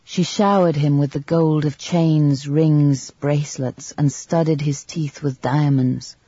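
Husky man narrating a literary novel. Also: on the high side, no echo. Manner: measured, even storytelling. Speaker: audiobook narrator. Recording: slightly dull lo-fi audio, dry.

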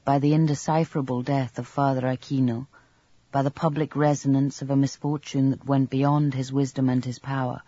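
Mellow, husky man narrating a story. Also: medium pitch, no room sound, dull audio. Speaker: audiobook narrator. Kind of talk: scripted narration.

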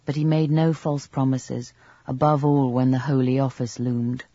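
A man narrates a novel as an audiobook reader, telling the story in a measured, even way. His voice is mid-range, and the muffled recording carries no room sound. It is scripted narration.

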